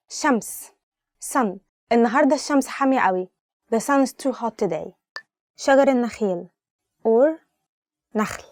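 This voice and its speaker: A young woman with an Egyptian accent teaches everyday phrases. She says each one, repeats it and adds a translation. She talks fast in a slightly high voice, and the recording is dry and close. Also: a little mellow, no echo. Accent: Egyptian Arabic. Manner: chatty, peppered with "like", acts out scolding parent lines. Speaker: language teacher.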